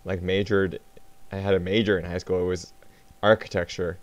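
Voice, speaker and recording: A man's voice: sits low, little pitch movement, normal speed, dry recording, muffled recording. A man in his thirties, a guest artist on a podcast, talking casually and hesitantly with many ums. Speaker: guest comic book artist.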